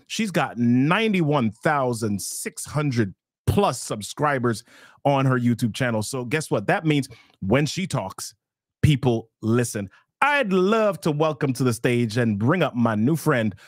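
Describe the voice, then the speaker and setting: Upbeat male host, animated delivery, dry and close. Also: mid-range voice, no echo. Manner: lively, playful, fumbles names. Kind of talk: live show hosting, reading chat.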